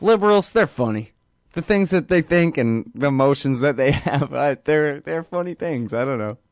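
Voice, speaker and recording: A man's voice: medium pitch, no room sound, studio quality. A man hosting a show, ranting sarcastically about politics in a rambling, mocking way. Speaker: host. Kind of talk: casual political rant.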